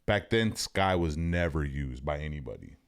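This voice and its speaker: A man in his thirties with a very low voice co-hosts a casual podcast. He tells family stories with energy, swears freely, and slips into voices for the people in them. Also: normal speed. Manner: animated storyteller, swears, acts out family voices. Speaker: podcast co-host. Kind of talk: casual chat.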